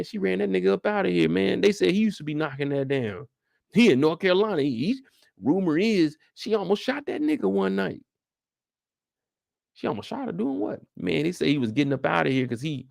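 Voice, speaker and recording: Brief: male after-show host, lively gravelly voice, dry close sound, slangy casual recap. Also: a little high, brisk, no room sound. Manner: animated, slangy storytelling to viewers. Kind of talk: casual episode recap commentary.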